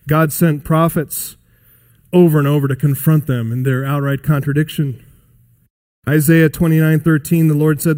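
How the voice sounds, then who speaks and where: A man delivering a sermon in a somewhat high voice. He preaches emphatically, swelling and then falling quiet, and keeps putting pointed questions to his listeners. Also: fairly even intonation, moderate pace. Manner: emphatic, rising and dropping in pitch and loudness; asks the congregation rhetorical questions.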